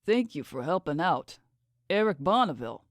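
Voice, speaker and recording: A man's voice: a little high, big pitch swings, normal speed, no echo, clean studio sound. A woman voicing a carefree young backpacking musician in his twenties who talks in a breezy, teasing way, in a storybook reading. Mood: easygoing. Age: 20s.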